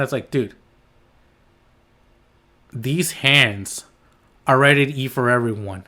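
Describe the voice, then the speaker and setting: A man of middling pitch rants alone on his podcast, heated and blunt. He rambles, restarts his sentences and swears freely as he pushes his point. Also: takes it slowly, pauses often, sharp tone. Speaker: podcast host. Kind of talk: solo podcast rant.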